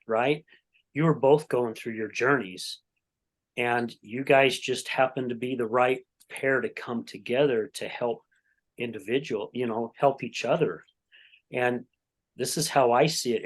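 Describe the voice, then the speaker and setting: A man hosting a podcast, talking earnestly in a rambling, casual way with frequent restarts. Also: mid-range voice. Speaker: podcast host. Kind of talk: casual conversation.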